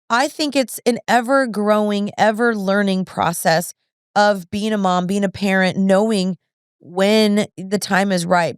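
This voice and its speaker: A woman's voice: mid-range voice, dry recording, clean studio sound. A woman in her thirties hosting a podcast, talking in an earnest, chatty way with lots of fillers. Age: 30s. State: pregnant. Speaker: podcast host. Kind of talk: casual chat.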